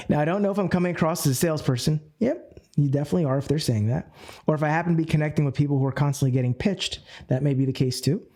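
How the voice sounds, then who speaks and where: An energetic man coaches a group live, with a voice that sits a little high for a man. He plays with his delivery, jumping between fast and slow and acting out quick phone calls. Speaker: network marketing coach.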